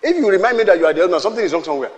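A male pastor delivers an emphatic sermon. His voice sits high, and he punches key lines up to a shout. He calls out to the congregation to repeat after him, and a long reverb trails each phrase. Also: expressive, rapid-fire. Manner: emphatic preaching, shouted peaks, call-and-response.

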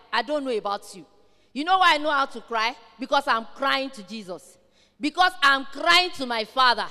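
A woman preaches with fervent, emphatic conviction, her voice high and bright. Her words ring out with a long reverb trailing behind them, as if she stands in a large church hall. She presses each point home with rising intensity. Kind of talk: sermon.

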